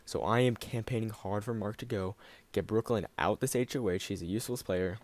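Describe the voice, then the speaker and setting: Man, lowish voice, dry close sound, insistent, rushed confessional. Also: no room sound. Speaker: player in a fan-made reality game roleplay. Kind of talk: confessional campaigning.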